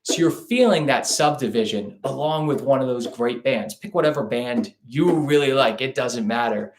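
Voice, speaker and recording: A man teaching a live online ukulele lesson in a relaxed, chatty way, scatting rhythms aloud as he demonstrates. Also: medium pitch, moderate pace, reverberant. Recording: ukulele playing loudly behind the voice. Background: ukulele playing.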